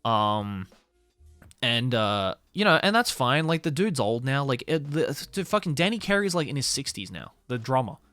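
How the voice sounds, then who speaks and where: A man's voice: medium pitch, big pitch swings, normal speed, pushed and bright, no room sound. A young man streaming casually, rambling about music with lots of fillers and casual swearing. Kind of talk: casual livestream chat.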